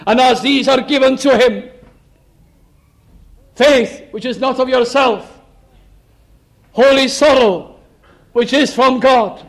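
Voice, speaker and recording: A man's voice: very high-pitched, slow pace, vocal fry, pauses often. A man preaching a sermon with fervent, rhythmic emphasis and repeated refrains. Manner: fervent, rising to emphatic repeated cries then dropping to hushed close.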